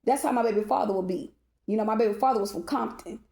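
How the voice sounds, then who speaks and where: A woman's voice: medium pitch, fast talker, vocal fry, dark tone. Woman, casual storytime monologue, rambling, fillers, talks to her audience, profane. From Texas.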